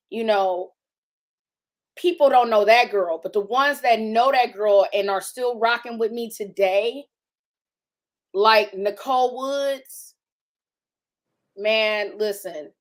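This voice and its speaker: A woman in her forties hosting a faith conversation, emotional and testifying with emphatic warmth. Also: a little high. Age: 40s. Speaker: podcast host.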